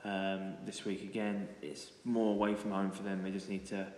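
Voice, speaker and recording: Male guest, low voice, hesitant, long reverby room. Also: little pitch movement, moderate pace, darkish tone, slight background noise. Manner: hesitant, thoughtful, stammering starts. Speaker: rugby guest. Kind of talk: casual rugby chat. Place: rugby clubhouse. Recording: roomy clubhouse echo with long reverb.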